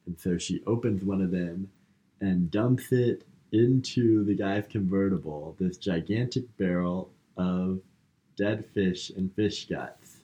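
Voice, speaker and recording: A man's voice: low voice, slow, dark tone, lo-fi sound. A man co-hosting a podcast, casually retelling a movie plot with lots of fillers. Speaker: podcast co-host. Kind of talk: casual movie recap chat.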